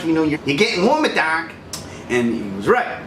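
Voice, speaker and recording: A man talks through a casual video commentary, laughing and acting out lines as he goes. His voice sits a little high and swings widely in pitch. He sounds set back from the mic in an echoey room with steady noise behind him. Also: normal speed, recorded from a distance. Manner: animated, laughs often, acts out quotes. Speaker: video essay host. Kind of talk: casual commentary over film clips.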